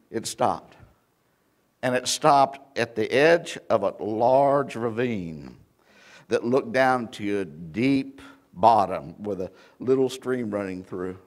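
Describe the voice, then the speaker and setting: A man preaching a sermon in a church, telling folksy stories with a Southern Indiana accent and calling out questions to the congregation. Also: mid-range voice. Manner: folksy storytelling preacher, call and response. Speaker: pastor.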